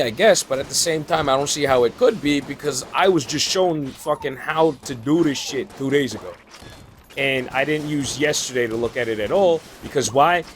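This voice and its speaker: A man rants casually about his day in a mid-range voice, frustrated and rambling, dropping curses and starting sentences over. A faint hiss sits behind him. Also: medium pitch. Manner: frustrated, profane, rambling with restarts. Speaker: new data entry worker. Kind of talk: casual venting monologue.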